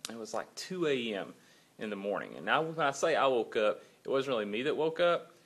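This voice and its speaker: A man's voice: medium pitch, brisk, slightly rough. Man telling a family story on video. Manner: animated retelling, acts out his own angry shouts. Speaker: father and church volunteer. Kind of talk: personal video blog storytelling.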